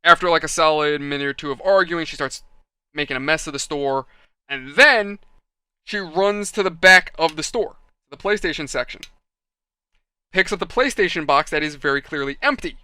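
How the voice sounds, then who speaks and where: Bright, crisp-voiced man rambling casually. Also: on the high side, moderate pace, dry recording. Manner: chatty, animated, acts out quoted people. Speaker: model kit building vlogger. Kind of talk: casual rambling storytelling while building.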